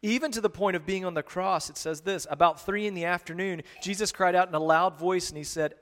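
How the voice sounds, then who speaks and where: A man preaching a conversational sermon as pastor, swinging between hushed and loud. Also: high voice, expressive, normal speed, hardly any pauses, big-room sound.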